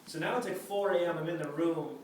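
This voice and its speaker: A male storyteller tells a comic anecdote to a live audience, animatedly acting out the voices of the other people in it. His voice is on the high side and a little fast, with a little hiss or hum. The sound is very echoey and far off, with audience laughter.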